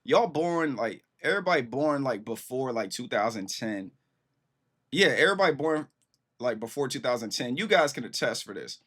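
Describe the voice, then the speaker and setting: A man's voice: medium pitch, moderate pace. Guy in his 30s doing a reaction vid, hyped and slangy, cusses a lot, talks right to his viewers. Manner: excitable, slangy, swears freely, talks straight to viewers. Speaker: reaction video host. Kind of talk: casual reaction commentary.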